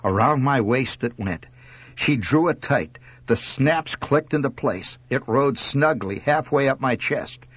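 A man reading a humorous story with wry, expressive narration. His pitch swings widely and his voice has a husky grain. The sound is dry and close to the mic. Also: unhurried, no echo. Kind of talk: scripted narration.

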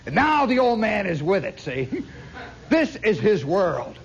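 A man telling a long story in a rambling, animated way, full of asides. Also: high voice, moderate pace, poor audio. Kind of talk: spoken storytelling monologue.

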